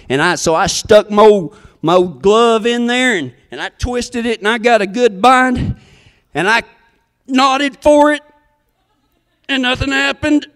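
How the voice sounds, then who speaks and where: Man, folksy rambling storyteller, high voice, hall reverb. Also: animated, unhurried, fairly bright tone, clear, resonant tone. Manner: folksy, rambling, self-deprecating. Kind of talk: comic storytelling.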